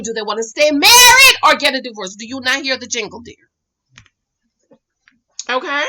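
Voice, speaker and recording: A woman's voice: high-pitched, big pitch swings, normal speed, long pauses, pushed and bright. A woman hosting a live reaction stream who reads viewer comments aloud and answers them in an emphatic, sassy way. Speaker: YouTube reaction host.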